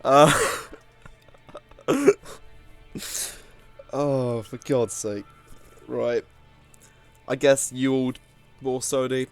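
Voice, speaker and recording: A man's voice: mid-range voice, steady tone, extremely slow, pauses often, soft background music. A man giving casual, self-mocking commentary while playing a card game, often laughing at himself. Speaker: gaming video host.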